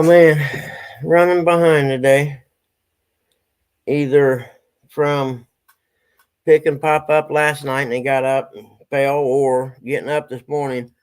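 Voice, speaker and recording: Folksy middle-aged guy, gravelly voice, winded, casual home stream. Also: medium pitch, low-quality recording. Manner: folksy, talks to his pets and chat viewers. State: out of breath. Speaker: livestreamer. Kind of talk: casual livestream chat.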